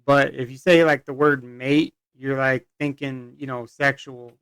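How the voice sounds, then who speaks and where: A man from the United States makes casual, rambling reaction comments, full of fillers and small chuckles. His voice is smooth and resonant and sits at a middle pitch. It is recorded dry and close to the mic. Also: fairly even intonation, unhurried, a bit bright, no room sound. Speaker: reaction video host.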